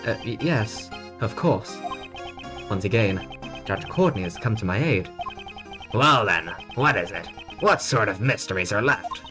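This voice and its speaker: A cool, stern male prosecutor from a video game, as a woman plays him with her voice pushed down. He speaks low, slow and measured. Game music runs clearly behind him. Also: animated.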